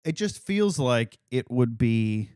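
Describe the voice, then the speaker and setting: A man co-hosting a casual book-review podcast, making wry deadpan jokes and often laughing. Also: mid-range voice, slow, clear, resonant tone, no room sound, clean studio sound. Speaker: podcast co-host.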